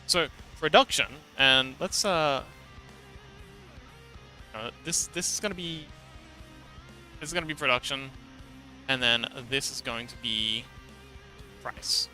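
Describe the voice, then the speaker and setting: A man's voice: mid-range voice, slow, long pauses, pushed and bright, soft background music. A man livestreaming, explaining something in a rambling, casual way, repeating words and laughing now and then.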